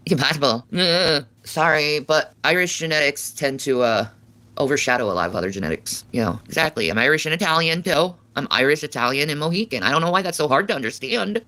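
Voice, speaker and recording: A woman's voice: low-pitched, fairly bright tone, no echo. A woman streaming live, reading and answering her chat in a crude, sarcastic, swearing way.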